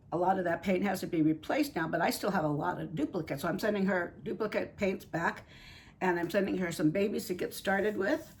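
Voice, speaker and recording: A woman's voice: on the low side, slight background noise. A woman chatting casually while painting reborn dolls at her home craft table, rambling and fond. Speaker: reborn doll artist and channel host.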